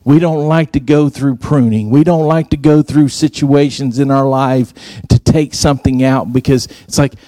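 A man's voice: steady tone, moderate pace, few pauses, dark tone, dry recording, studio quality. A man giving a sermon, telling stories and acting out the dialogue. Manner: storytelling, acts out quoted dialogue in a higher voice. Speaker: preacher.

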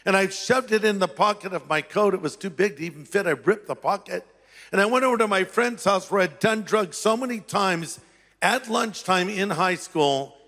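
A man's voice: high voice, moderate pace, a bit bright, in a large hall. A male pastor sharing a personal testimony as a sermon, acting out the voices of people in his story.

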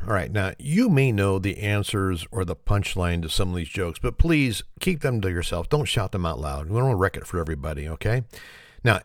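A man's voice: low-pitched, no echo, studio quality. A man hosting his own podcast in a casual comedic monologue, chuckling at his own dad jokes in his morning voice. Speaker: podcast host.

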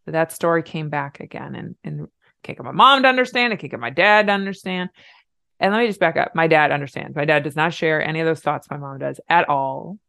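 A middle-aged woman, a podcast co-host, telling a personal story in an emotional, animated way. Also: deep voice, brisk, vocal fry, no echo, studio quality. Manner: emotional, animated retelling with laughs.

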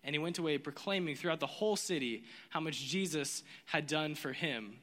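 A man preaching a sermon, telling the story with lively energy and acting out the voices of its characters. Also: fairly high pitch, moderate pace, big-room sound. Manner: animated storytelling, acts out voices. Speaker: pastor.

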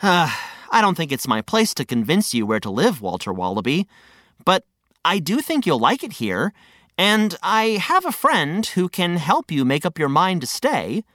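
A woman voicing a friendly, patient male guide who gently explains things. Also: lowish voice, sing-song, normal speed, dry recording, clean studio sound. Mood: gentle.

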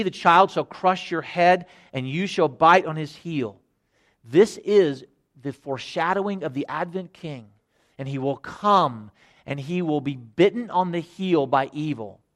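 Earnest middle-aged male pastor preaching. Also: high voice. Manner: earnest, repeats phrases, swings from loud emphasis to hushed. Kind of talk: sermon.

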